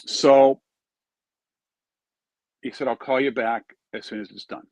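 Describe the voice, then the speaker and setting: A man's voice: medium pitch, steady tone, takes it slowly, darkish tone, dry recording. A man, a charity founder, telling an earnest story in an interview and acting out the quoted dialogue.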